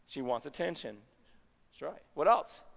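A man preaching a sermon in a chatty, animated way, often checking that his audience is following along, in a church sanctuary. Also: a little high, moderate pace, gravelly, in a large hall. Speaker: pastor.

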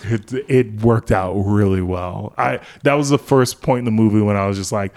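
A man's voice: lowish voice, normal speed, a little mellow. A man co-hosting a casual movie podcast, talking loosely with lots of "like" and swearing. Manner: rambling, filler-heavy, swears. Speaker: podcast co-host. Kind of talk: casual movie-review chat.

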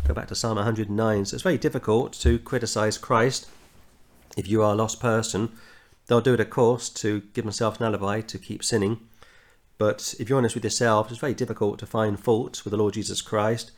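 A man's voice: lowish voice, fairly even intonation, brisk. A middle-aged Englishman, teaching a verse-by-verse Bible study and telling anecdotes, earnestly reading scripture with rising emphasis. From England.

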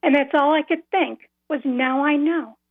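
A woman's voice: high-pitched, dry recording. Woman calling in on the phone, earnest, keeps repeating herself, dry close sound. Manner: earnest, repeats phrases, slow and careful at key moments. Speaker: caller. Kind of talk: telling a personal story on a call-in radio show. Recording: tinny phone line.

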